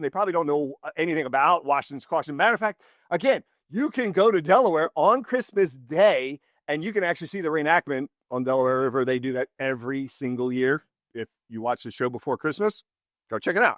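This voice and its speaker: A man hosts a casual history talk, his voice sitting a little high. He rambles, restarts his sentences and swings his emphasis up and down. The recording is close and dry, with no room sound. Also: no room sound. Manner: rambling, restarts often, animated swings in pitch. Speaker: podcast host.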